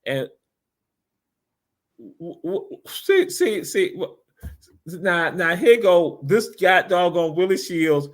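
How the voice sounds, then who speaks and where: A man's voice: high voice, big pitch swings, takes it slowly, pauses often. A man hosting a casual livestream talk show, emphatic and preachy, repeating his points. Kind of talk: casual call-in style talk.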